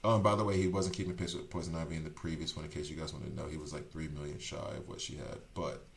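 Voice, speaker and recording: A man streaming a video game, chatting casually and rambling as he second-guesses his choices out loud. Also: very deep voice, little pitch movement, quick pace, gravelly, echoey room, slight background noise. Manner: chatty, rambling, self-correcting. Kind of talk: casual gameplay commentary.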